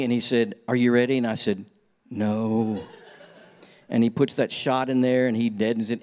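Man, middle-aged, preaching, storytelling, calls for amens, average pitch. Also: a little mellow. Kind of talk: sermon with personal story.

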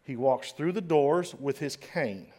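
A middle-aged man giving an inspirational speech, telling a story dramatically and swinging between hushed and loud. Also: medium pitch, animated, unhurried. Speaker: motivational speaker. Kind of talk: inspirational speech to a live audience.

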